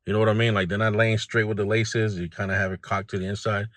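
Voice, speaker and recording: A man's voice: lowish voice, level tone, fast, fairly bright tone, no room sound. Blunt, plain-spoken man with a dry sound. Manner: blunt, plain-spoken, addresses the viewer directly; confessional, speaks about his own struggles. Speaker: host of a self-improvement video series. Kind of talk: candid motivational monologue.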